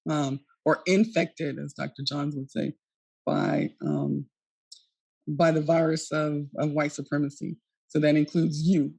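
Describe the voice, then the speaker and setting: A woman lecturing at a neuroscience conference, earnest and halting, with frequent ums and restarts. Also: deep voice, vocal fry, darkish tone, breathy edge, no room sound. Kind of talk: recorded conference talk.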